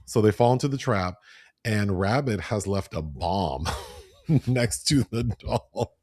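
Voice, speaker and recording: A man co-hosting a podcast, casually retelling a film's plot and mimicking characters in higher voices. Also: slow pace, husky, no echo. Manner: animated, breaks into high voices when quoting. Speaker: podcast co-host. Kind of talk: casual film review chat.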